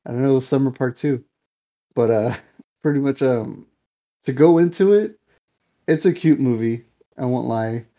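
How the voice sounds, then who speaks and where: Rambling young man with a mellow voice. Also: medium pitch, unhurried, long pauses. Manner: rambling, filler-heavy, animated retelling. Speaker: podcast co-host. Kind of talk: casual movie review chat.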